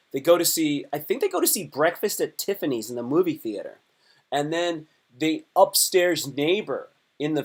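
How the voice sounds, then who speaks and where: A man comedian chatting on a live stream in a rambling way, repeating himself and swinging between loud bursts and low mutters. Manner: slips into quick put-on voices. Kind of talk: casual live-stream chat.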